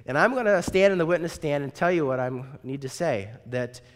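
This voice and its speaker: A man's voice: a little high, expressive, a little fast, pitched above the performer's own voice, natural voice. A man voicing an elderly woman in her eighties, prim and unshaken, talking in an earnest, insistent way. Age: 80s. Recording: long reverb in a large hall.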